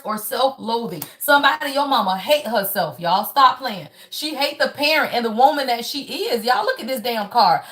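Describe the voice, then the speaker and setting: A high-pitched woman gives a live tarot reading. She is blunt and profane, preaches at her viewers, and keeps coming back to "y'all" and "right?" as she talks. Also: fairly bright tone. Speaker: tarot reader. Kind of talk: live spiritual reading, casual chat.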